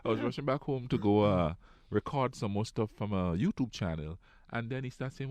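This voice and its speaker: A man co-hosting a radio show, ranting in a relaxed, chatty way. His voice sits mid-height and swings widely as he acts out the people in his stories. The sound is dry and close. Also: a little fast, no echo. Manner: animated storyteller, acts out quotes in high voices. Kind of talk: casual ranting chat.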